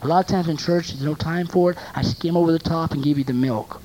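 A preacher delivering a sermon, asking the congregation rhetorical questions and repeating phrases for emphasis, moving between loud emphasis and soft asides. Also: medium pitch, fairly even intonation, fast, slight background noise, poor audio.

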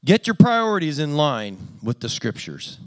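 Male preacher, somewhat high-pitched, plain-spoken and self-deprecating, delivering a conversational sermon. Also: huge pitch swings, unhurried.

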